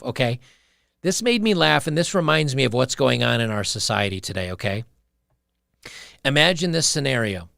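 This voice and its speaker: Male streamer, gravelly voice, opinionated rants between clips, dry close sound. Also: on the high side, a bit bright, dry recording. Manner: opinionated, ranting, reads chat aloud. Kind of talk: casual livestream commentary.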